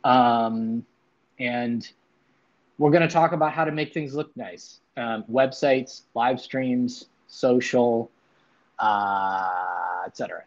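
A man's voice: mid-range voice, slow pace, muffled recording. A man hosting a casual livestream, chatting loosely with viewers, swearing now and then and greeting chatters by name. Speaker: livestream host.

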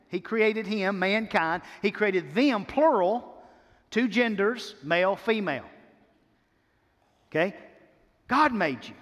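High-voiced pastor preaching in a hall. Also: male voice, fairly bright tone. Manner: emphatic preaching with repeated phrases and slowed key words. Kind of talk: sermon. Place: church sanctuary. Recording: long reverb of a church hall.

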